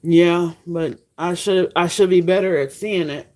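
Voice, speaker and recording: A woman's voice: fairly low pitch, a little slow, darkish tone. A woman talking frankly to her viewers in a casual monologue, swearing and laughing often while she cooks. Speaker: vlogger.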